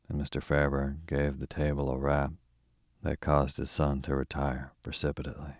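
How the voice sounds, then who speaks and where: Very deep, monotone bedtime reader. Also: male voice, no room sound, studio quality. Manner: slow, calm and relaxed. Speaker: bedtime story host and narrator. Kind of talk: soothing bedtime story reading.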